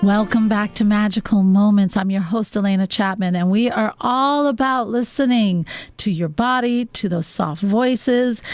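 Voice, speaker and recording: A woman hosting a spiritual wellness talk show, speaking softly and drawing out key words. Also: mid-range voice, gravelly, dry recording. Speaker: radio show host.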